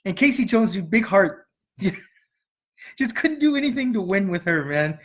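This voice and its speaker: A man's voice: high voice, sing-song, measured pace. A man co-hosting a movie review show, rambling casually and laughing between thoughts. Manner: rambling, laughs often, many fillers. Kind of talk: casual chat.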